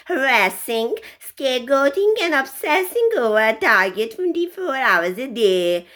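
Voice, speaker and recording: Halting middle-aged woman ranting to camera. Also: a little high, a bit bright. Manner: halting, stops often to restart. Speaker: vlogger. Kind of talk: casual ranting monologue.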